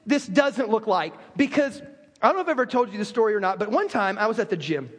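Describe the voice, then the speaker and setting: Male pastor, animated sermon storytelling, self-deprecating humor, reverberant church hall. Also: sits high, fast talker.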